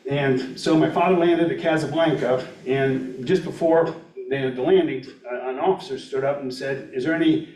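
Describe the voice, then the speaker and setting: A man's voice: medium pitch, fairly even intonation, normal speed, a little mellow, distant mic. An older man at a library talk, telling folksy family stories and acting out quoted dialogue. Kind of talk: storytelling talk. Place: library meeting room. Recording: roomy hall, voice off the mic.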